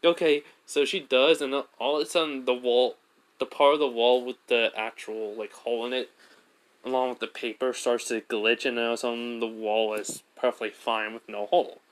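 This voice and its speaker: A man's voice: medium pitch, little pitch movement, fairly quick. A man casually retelling a fan story, rambling with many fillers and self-corrections.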